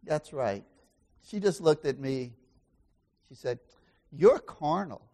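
A man preaching a sermon as pastor, asking the congregation questions and swinging between loud exclamations and quiet asides. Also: medium pitch, lively intonation, slow pace.

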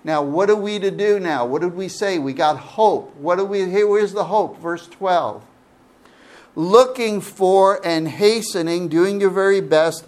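A middle-aged man leads a Bible lesson as pastor in a slightly raised voice. He speaks slowly and deliberately. He keeps stopping to ask his listeners questions. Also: sits high. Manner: asks the audience questions, animated. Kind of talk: Bible study sermon.

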